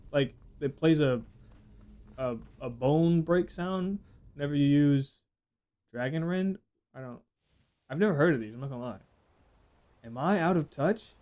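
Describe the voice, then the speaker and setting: A young man with a mellow mid-range voice streams a game, chatting casually. He rambles, swears, jokes, and reads chat aloud as he reacts in his live gameplay commentary.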